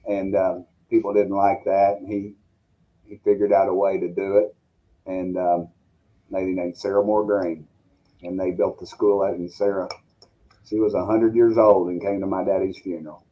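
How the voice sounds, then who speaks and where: A man's voice: deep voice, little pitch movement, normal speed, lo-fi sound. A man with a Tennessee accent, talking as a guest in a casual interview and telling folksy, rambling stories. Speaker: congressman guest.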